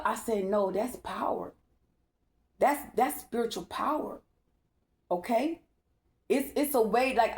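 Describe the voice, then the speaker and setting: A woman giving a casual spiritual reading, emphatic and profane, talking straight to her viewers. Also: a little high. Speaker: spiritual tarot reader.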